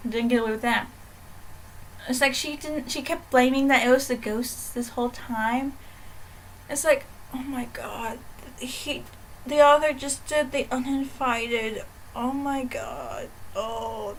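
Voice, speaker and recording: A young woman giving a casual, chatty book review in a vlog, animated and full of fillers. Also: high-pitched, a little hiss or hum, rough recording.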